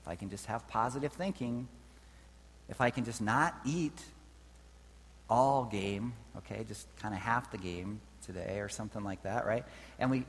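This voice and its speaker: A man preaching a sermon in a conversational way, often checking in with his listeners. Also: on the low side. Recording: reverberant hall with faint hum.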